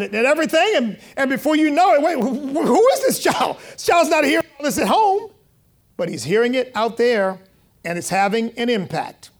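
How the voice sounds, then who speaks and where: A man, a pastor, preaching a conversational sermon, calling for amens and acting out lively quotes. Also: very high voice. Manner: animated, rising loud when quoting.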